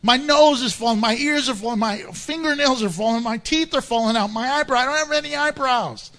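A preacher playing a proud, indignant leper. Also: male voice, extremely high pitch, a little fast, a bit bright, slight background noise, pitched above the performer's own voice. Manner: exasperated, complaining. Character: proud indignant leper man, ancient commander.

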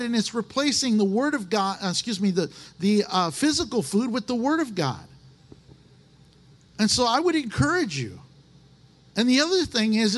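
A male pastor preaching in a church, his voice pitched fairly high and swinging widely up and down. He talks in a folksy, animated way, dropping into quick acted asides as he makes his points. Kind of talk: sermon.

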